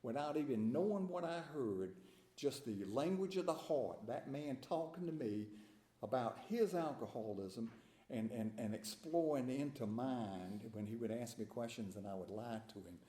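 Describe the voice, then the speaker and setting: A man's voice: mid-range voice, lively intonation, normal speed, dark tone. An older man giving an earnest, emphatic personal testimony to a meeting room, often repeating words as he goes. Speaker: recovery meeting speaker. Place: large meeting room with an audience. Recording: echoey hall with faint room noise.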